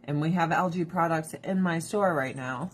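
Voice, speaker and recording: This woman speaks in a deep voice at normal speed, with a little hiss or hum in the audio. She sells skincare products directly and chats casually while trying them, rambling, laughing and swearing freely with strongly held views.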